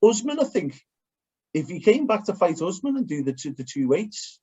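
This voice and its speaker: A man's voice: high voice, sing-song, moderate pace, warm tone, husky. Blunt Liverpool man on a podcast. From Liverpool, England. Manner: blunt, swears casually. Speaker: podcast co-host. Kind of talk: casual chat. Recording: dull lo-fi podcast audio.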